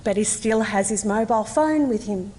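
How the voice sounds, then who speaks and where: An Australian woman in her forties gives a measured, earnest personal testimony at a conference, with slow, deliberate pauses. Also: medium pitch, warm tone, long reverb tail. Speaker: conference speaker. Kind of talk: personal testimony, read aloud. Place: conference hall.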